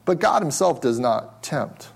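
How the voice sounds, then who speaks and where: A man's voice: a little high, very animated, a little slow, gravelly, slightly rough. A male pastor preaching a sermon with emphasis, asking questions and repeating words as he restarts.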